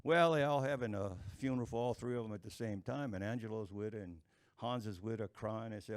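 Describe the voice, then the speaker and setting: A man telling folksy jokes to a live audience, chuckling at his own punchlines in an unhurried drawl. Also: medium pitch. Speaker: stand-up storyteller.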